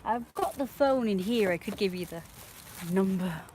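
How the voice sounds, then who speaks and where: A woman's voice: mid-range voice, animated, normal speed, background noise. A woman chatting casually on a live stream, talking to her viewers and scolding her dog.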